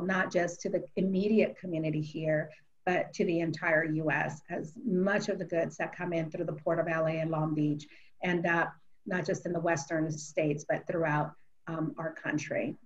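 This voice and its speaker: A woman elected official giving earnest, halting panel remarks over a video call. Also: fairly low pitch, steady tone. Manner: earnest, halting, with frequent restarts. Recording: dull lo-fi video call audio.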